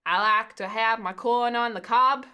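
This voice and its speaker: A woman's voice: fairly high pitch, fairly bright tone, smooth. A woman putting on an exaggerated Southern American drawl for fun, drawing out her words. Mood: playful. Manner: slow, exaggerated drawl, laughing.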